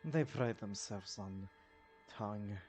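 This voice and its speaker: Formal informant, grave archaic phrasing, lowish voice, man putting it on. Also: slow pace, darkish tone, soft background music.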